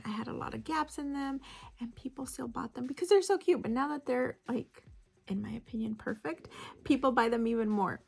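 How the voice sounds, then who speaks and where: Husky, gravelly woman vlogger. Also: on the high side. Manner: chatty, rambling, often drops to a whisper. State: unwell with a migraine. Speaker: crochet vlogger. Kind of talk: casual chat. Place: home.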